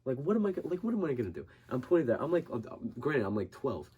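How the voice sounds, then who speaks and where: A man's voice: medium pitch, sing-song, quick pace, warm tone, dull audio, slight background noise. A young man in casual podcast chat, telling a story full of swearing and acting out his friend's panic. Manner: swears constantly, acts out friends' panicked voices. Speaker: podcast guest, boxer.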